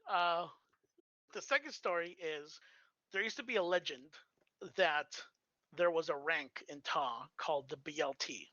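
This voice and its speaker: A streamer telling old clan anecdotes in a casual, halting way, with fillers and restarts. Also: medium pitch, gravelly, sharp tone, no echo, dull audio. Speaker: storyteller on a live stream.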